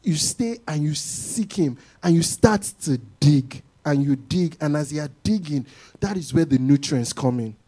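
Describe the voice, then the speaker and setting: A man preaching a sermon to a congregation in an animated way, often acting out what people say. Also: fairly high pitch, normal speed, husky.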